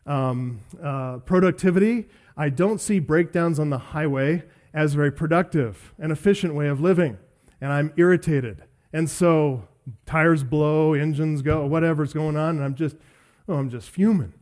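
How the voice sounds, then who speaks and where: A middle-aged man preaching a sermon in a voice that sits a little high for a man. He poses earnest questions to his listeners and slips in personal stories told with a self-deprecating humor. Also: normal speed, a little mellow. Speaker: pastor.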